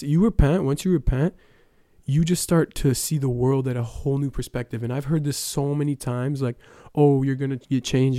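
A man's voice: medium pitch, mellow, no room sound, clean studio sound. A young man giving a casual personal testimony at church, telling his story with lots of fillers and quoted dialogue.

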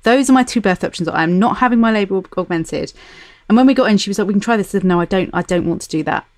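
A woman hosting a casual podcast talk, earnest and reflective. Her voice sits at a middling pitch. It is recorded close and dry, with no room sound. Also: animated, racing, darkish tone, no echo. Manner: reflective, earnest, asks guests questions. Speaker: podcast host. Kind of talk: casual conversation.

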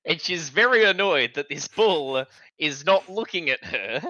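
A man co-hosting a casual online podcast discussion, animated and prone to stammering restarts. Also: fairly high pitch, unhurried, no room sound, lo-fi sound. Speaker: podcast co-host.

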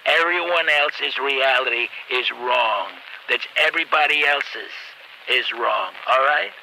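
A man's voice: mid-range voice, a little slow, vocal fry, sharp tone, a little hiss or hum, pitched above the performer's own voice, heavily acted, poor audio. A man doing an impression of a boastful, blustering American president in a comedy sketch. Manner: bragging, self-assured, repetitive.

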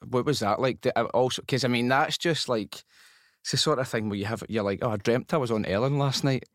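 A man's voice: medium pitch, brisk, no room sound, clean studio sound. A Scottish man hosting a podcast, asking long, rambling questions in casual slang. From Scotland. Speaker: podcast host. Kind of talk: casual interview chat.

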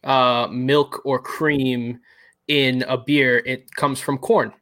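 A man's voice: mid-range voice, level tone, takes it slowly, fairly bright tone. A man co-hosting a late-night podcast stream, joking dryly and reading out viewer comments. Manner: dry, joking, trailing off. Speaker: podcast co-host. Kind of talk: casual chat.

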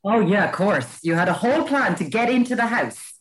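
An Irish woman co-hosting a podcast, chiming in with quick, teasing remarks in a casual chat. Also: mid-range voice, lively intonation, low-quality recording. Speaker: podcast co-host.

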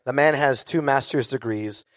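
A man telling stories on stage with animated delivery, swearing constantly and acting out other voices. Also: mid-range voice, moderate pace, no room sound, clean studio sound. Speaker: guest musician telling stories. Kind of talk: casual storytelling on stage. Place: live show before an audience.

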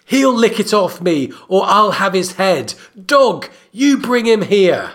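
A shrill, spoiled boy king barks orders in a raised, petulant voice, as a man reading a novel aloud puts him on. The delivery is slow and swings widely up and down. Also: big pitch swings, fairly bright tone, heavily acted. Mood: furious commanding. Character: spoiled cruel teenage boy king, screaming.

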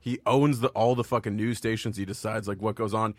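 A man's voice: on the low side, fairly even intonation, a little fast, dry recording. Swearing man telling stories on a podcast. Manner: swearing, storytelling, rambling. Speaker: guest comedian. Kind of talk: casual podcast chat.

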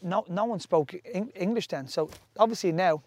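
A man's voice: high-pitched, normal speed, a little mellow. A man from Ireland in his forties, a former footballer telling stories in casual chat, full of restarts and asides. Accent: Irish. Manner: rambling storytelling with restarts.

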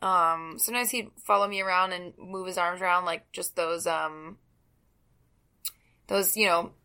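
A woman's voice: on the low side, steady tone, unhurried, bright, forceful tone. A woman co-hosting a podcast in casual chat, chatty and hesitant, laughing easily. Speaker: podcast co-host.

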